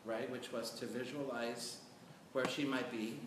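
A middle-aged man on a panel, telling stories in an animated, chatty way and checking in with "right?". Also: mid-range voice, unhurried. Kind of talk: storytelling on a panel. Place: large echoey hall at a panel event. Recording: echoey hall from far off, noisy.

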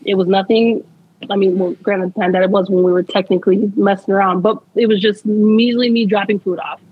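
A woman's voice: medium pitch, steady tone, fairly quick, slightly rough, narrow, tinny audio. A young adult woman, a guest in a casual interview, telling a story in a chatty way, laughing often and saying "like" a lot.

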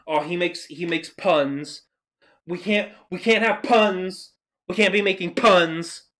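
This is an exasperated commentator ranting through a reaction video. The voice sits at a middling pitch, swears freely, and keeps interrupting quotes with sudden loud outbursts. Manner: reads quotes aloud and interrupts them.

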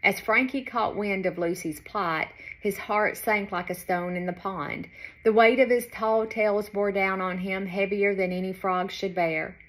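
A woman author reading her children's storybook aloud in an expressive, lilting way. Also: medium pitch, a little slow.

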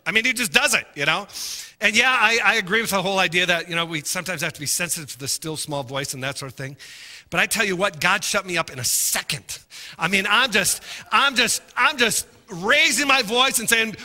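A middle-aged male pastor preaching a sermon, telling stories and moving between quiet asides and impassioned shouting. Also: high voice, lively intonation, fairly quick. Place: large church sanctuary. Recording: long hall reverb.

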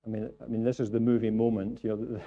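A man's voice: on the low side, flat delivery, fast, dark tone, lo-fi sound. A man preaching a sermon in church, earnest and repeating phrases for emphasis. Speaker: pastor.

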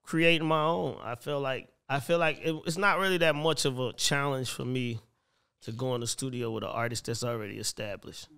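A man, a music producer, speaking as a guest in a casual chat in a measured, matter-of-fact way. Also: medium pitch, gravelly, a bit bright, clean tone.

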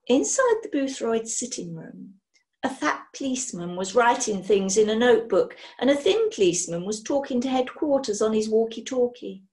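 Animated woman reading a children's book. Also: a little high, normal speed. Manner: expressive, animated narration. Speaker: storyteller. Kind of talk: children's book read-aloud.

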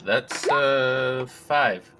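A man playing a tabletop game, making short, halting remarks. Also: medium pitch, sharp tone, a little hiss or hum. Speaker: player. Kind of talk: casual game chat.

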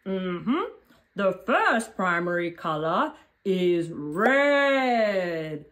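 A woman puts on a steady, patient friend for a children's colour lesson. The voice sits lower than her own and moves slowly and clearly, like a teacher explaining step by step. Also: full character voice. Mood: teaching. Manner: slow, calm, teacherly. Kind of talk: children's educational role-play.

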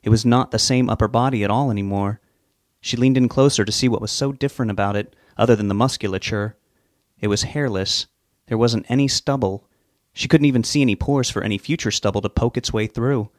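A man reading a novel aloud in a measured, steady way. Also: lowish voice, no echo, studio quality. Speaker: narrator. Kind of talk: audiobook narration.

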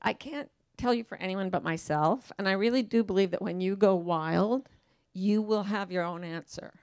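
Gravelly-voiced woman, emphatic guest. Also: medium pitch, moderate pace, darkish tone, no echo, studio quality. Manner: emphatic and playful, quotes herself in voices. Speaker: guest author. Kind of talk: casual onstage interview talk.

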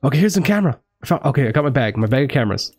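A young man commentating a horror game live, excitable, swearing and joking to viewers. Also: mid-range voice, very fast, no room sound, faint music behind. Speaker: gaming streamer.

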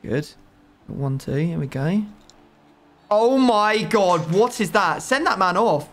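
A man giving excitable, playfully outraged commentary while playing a football video game. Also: high-pitched, slow, slight background noise. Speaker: gaming YouTuber.

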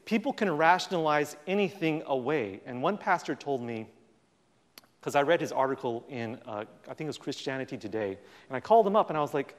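A man giving a public talk, telling stories in a lively way with plenty of fillers and acting out the dialogue. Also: on the high side, a little fast. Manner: animated storytelling, acts out quoted dialogue. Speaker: guest speaker. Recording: long reverb in a hall.

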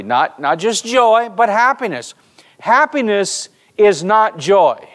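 Male pastor, high voice, animated storytelling sermon, talks to the congregation. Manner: storytelling preacher, animated, addresses congregation directly. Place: church sanctuary.

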